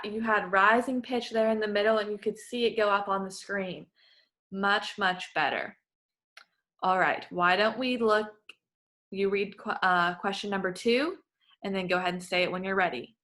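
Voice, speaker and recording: A woman's voice: mid-range voice, moderate pace, fairly bright tone. A woman working as a voice clinician, giving patient, encouraging step-by-step instructions in a therapy session.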